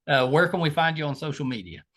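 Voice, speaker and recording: A man's voice: on the high side, very fast. A man hosting a podcast, chatting casually and joking with his guest. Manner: lively, joking, laughs easily. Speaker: podcast host. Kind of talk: casual interview chat.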